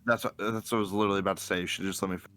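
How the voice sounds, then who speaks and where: A man's voice: low voice, fairly even intonation, very fast, a bit bright. A man playing a tabletop game, who chats casually and bargains playfully in character. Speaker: player.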